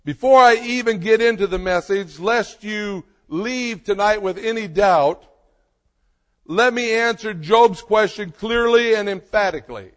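A man preaching a sermon as a pastor, slow and emphatic, with dramatic pauses. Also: high-pitched. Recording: long reverb of a hall.

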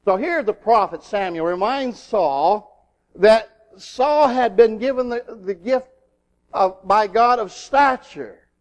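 A man with a very high speaking voice delivers a sermon. He is animated and acts out other voices as he goes. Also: takes it slowly. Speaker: preacher.

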